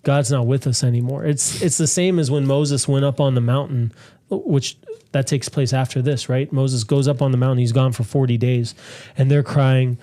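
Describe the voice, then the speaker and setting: A man's voice: mid-range voice, steady tone, moderate pace, warm tone. A man co-hosting a church talk show who earnestly explains scripture in a casual discussion. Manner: earnest, quotes scripture, builds points steadily.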